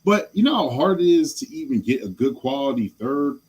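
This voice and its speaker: A man's voice: medium pitch, very animated, a little fast, darkish tone, slightly rough, low-quality recording. A man talking as a podcast guest in casual sports chat, passionate, blunt and rambling.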